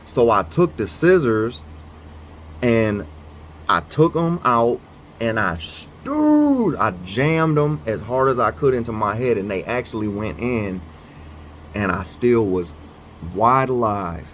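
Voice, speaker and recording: Man vlogger, low voice, slow and rambling delivery, casual storytelling and devotional reading, faint room hum. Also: expressive, fairly bright tone. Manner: rambling, halting, fillers and restarts.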